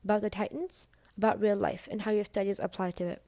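A woman voicing a demanding male teacher who speaks in a formal, earnest, measured way. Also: medium pitch, level tone, warm tone, no room sound, close to an everyday voice. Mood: stern.

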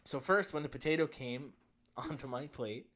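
Podcast co-host, male, New Jersey accent, deadpan storyteller who breaks into laughs, mid-range voice. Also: medium pitch, normal speed. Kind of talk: casual chat, reading a story aloud.

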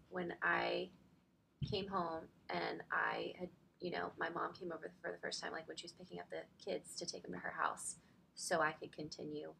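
Woman in her 30s, lowish voice with lots of gravelly fry, bright edge, chatty, says "like" a ton, kinda emotional. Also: slight background noise. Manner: chatty, fills speech with "like"; emotional, close to tears at times. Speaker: podcast guest. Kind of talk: personal storytelling in a faith podcast conversation.

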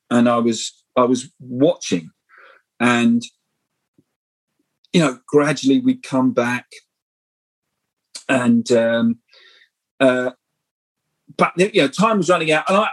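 Middle-aged man, husky voice, slightly high-pitched, rambling anecdotal podcast guest. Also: low-quality recording. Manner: animated, rambling anecdotal storytelling. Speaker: guest screenwriter. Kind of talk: casual podcast interview.

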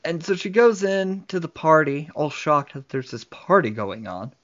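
A man's voice: fairly high pitch, big pitch swings, moderate pace, a bit bright, muffled recording. A man co-hosting a casual movie podcast, retelling scenes in detail and laughing often. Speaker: podcast co-host.

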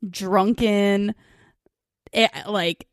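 A woman's voice: mid-range voice, steady tone, very slow, smooth, dry recording, clean studio sound. A young woman co-hosting a podcast, gushing in casual chat and acting out scenes, laughing often. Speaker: podcast co-host.

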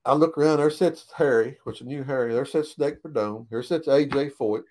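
A retired race car driver, guesting in a casual interview, tells old racing stories a little fast in a mid-range, darkish voice. He's folksy and plain-spoken, swears freely, and tacks "right?" onto his sentences.

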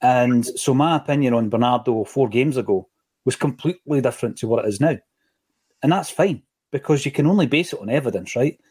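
A middle-aged Scottish man hosting a football podcast, chatting in a casual, opinionated way with quick asides. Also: mid-range voice, a little mellow, slightly rough. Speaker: podcast host.

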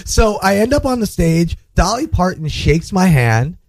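Lively man telling a funny story. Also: sits high, measured pace, no echo. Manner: hesitant, chuckling, lots of fillers. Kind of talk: casual comedy storytelling.

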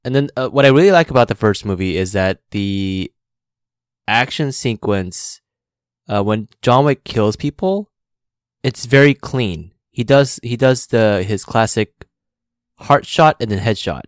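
Lively, low-voiced man chatting casually. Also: unhurried, no echo, studio quality. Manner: laughs often, rambling with many fillers. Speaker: podcast co-host. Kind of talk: casual chat.

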